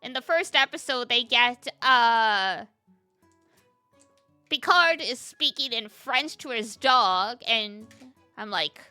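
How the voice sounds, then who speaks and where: A woman's voice: on the high side, lively intonation, slow, sharp tone, clean tone, dry recording, soft background music. A woman game streamer in casual chat, talking to her viewers, laughing often and answering chat as she plays.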